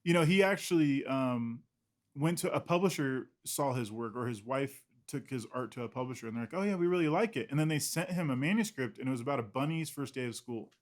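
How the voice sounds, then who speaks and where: A man's voice: mid-range voice, fairly quick. A man, an illustrator guest in an interview, talking casually in a rambling, self-deprecating way with frequent laughs.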